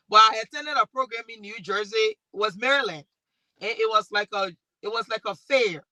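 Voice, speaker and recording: A woman with a Liberian accent, speaking on a discussion panel and telling stories in a lively way with many restarts. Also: mid-range voice, no echo, low-quality recording. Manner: animated storytelling with restarts. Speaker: talk show host and panelist.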